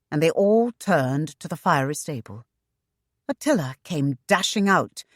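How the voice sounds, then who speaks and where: A woman reading a historical romance novel aloud in a measured, unhurried way. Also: fairly low pitch, no room sound, studio quality. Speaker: audiobook narrator. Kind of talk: scripted narration.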